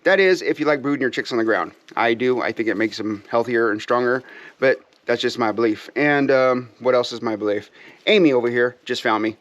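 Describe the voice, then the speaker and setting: A pheasant breeder hosts a casual outdoor vlog at his pheasantry, his medium-pitched, slightly bright voice moving briskly on lo-fi audio. Folksy and rambling, he uses lots of fillers, keeps calling viewers "you guys," and coos sweetly to his birds as he walks around.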